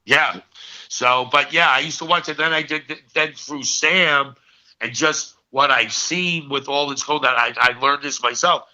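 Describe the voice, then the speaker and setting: A man in his sixties, an actor guest, telling stories as an animated raconteur who punches his lines with "okay.". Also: mid-range voice, unhurried. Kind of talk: storytelling in a casual interview. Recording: dull lo-fi recording.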